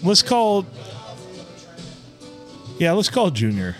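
A man co-hosting a podcast, joking loudly in crude casual banter. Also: sits high, slow, soft background music. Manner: loud, joking, animated. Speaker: podcast co-host.

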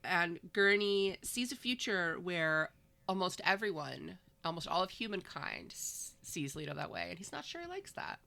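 A woman's voice: on the low side, big pitch swings, normal speed, gravelly, pushed and bright. A woman recapping a book in casual chat, with wry, sarcastic asides. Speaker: podcast co-host.

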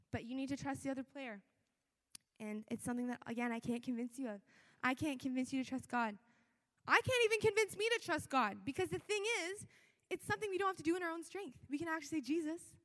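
High-voiced young woman preaching in a hall. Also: fairly bright tone. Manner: casual, chatty, acts out quoted prayers. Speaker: youth speaker. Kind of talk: youth sermon. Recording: reverberant hall.

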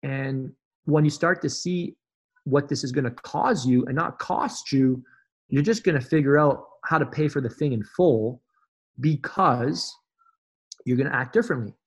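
A man's voice: mid-range voice, moderate pace, slightly rough. A man guesting on a podcast as a fitness business coach, talking in an emphatic, motivational way and repeating phrases for effect. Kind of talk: conversational interview.

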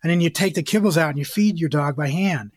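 A man talking as a guest in an interview, rambling and animated as he explains how he raises puppies. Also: a little high, fast talker, no echo. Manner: rambling, animated, acts out scenes. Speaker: guest, dog breeder. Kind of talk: casual interview chat.

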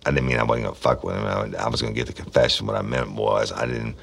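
A man's voice: a bass voice, fairly even intonation, quick pace, creaky, a bit bright. A man hosting a true crime podcast, telling a past case bluntly and profanely. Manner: blunt and profane, acting out his own past dialogue.

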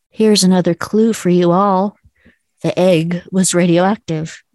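A woman's voice: fairly low pitch, steady tone, unhurried, a little mellow, no room sound. A middle-aged woman hosting her own podcast, speaking earnestly and enthusiastically, at times teary with emotion. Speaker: podcast host. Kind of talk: solo podcast monologue.

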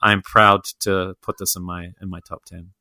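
Bright, eager man rambling about films. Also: low voice, level tone, normal speed, smooth, no echo. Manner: enthusiastic, rambling with many fillers. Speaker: podcast co-host. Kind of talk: casual film chat.

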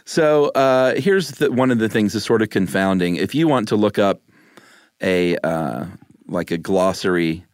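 A man's voice: lowish voice, expressive, unhurried, clean tone, no room sound, clean studio sound. A man co-hosting a podcast in casual chat, teasing his partner and laughing often. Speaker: podcast co-host.

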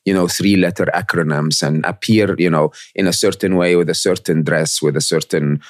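A man hosting an interview at a guest's home, thoughtful and encouraging, with soft affirming murmurs. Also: low voice, fairly even intonation, normal speed, no echo, studio quality. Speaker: podcast host. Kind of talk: casual interview.

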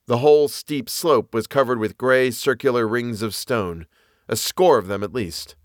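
A man narrating a classic novel as an audiobook reader, with an expressive, dramatic delivery. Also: medium pitch, normal speed, no room sound, clean studio sound.

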